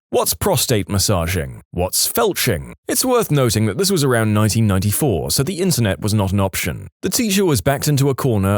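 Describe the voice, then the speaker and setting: Lively, expressive male storyteller. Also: mid-range voice, dry recording, clean studio sound. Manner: expressive, slows down to stress punchlines. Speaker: storytime narrator. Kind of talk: scripted narration of reader stories.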